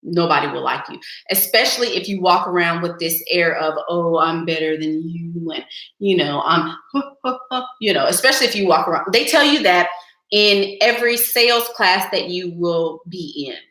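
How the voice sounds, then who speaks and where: A woman's voice: fairly low pitch, animated, moderate pace, pushed and bright. A young woman hosting a live stream, giving blunt, sassy advice straight to her viewers in casual chat. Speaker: livestream host giving advice. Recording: echoey room.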